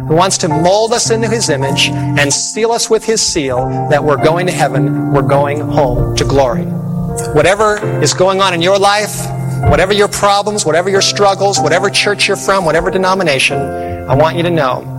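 A man's voice: high-pitched, moderate pace, music in the background, low-quality recording. A man preaching a sermon, emphatic, repeating phrases and calling to the audience for amens.

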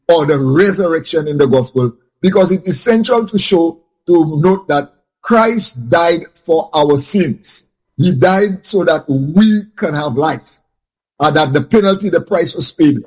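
A man's voice: on the high side, a little mellow, breathy edge. A man taking part in a Bible study discussion, explaining a point with many restarts and repeated words. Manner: hesitant, repeats words while searching for phrasing.

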